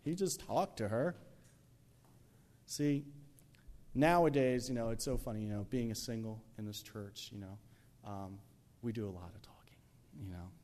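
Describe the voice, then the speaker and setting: A man with a lowish voice, speaking at normal speed, preaches a sermon in church. He's lively and conversational, acting out scenes, ranging from shouts to whispers and leaning heavily on "you know."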